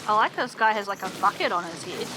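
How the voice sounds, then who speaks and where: A woman co-hosting a let's play, chatting casually and reacting excitably and playfully to the game. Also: medium pitch, fast talker, music in the background, poor audio. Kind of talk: casual gameplay chat.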